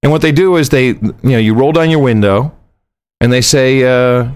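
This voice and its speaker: A man's voice: medium pitch, moderate pace, clean tone. A man co-hosting a podcast while on the road, telling a rambling story in casual chat. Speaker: podcast co-host. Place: on the road, far from home studio.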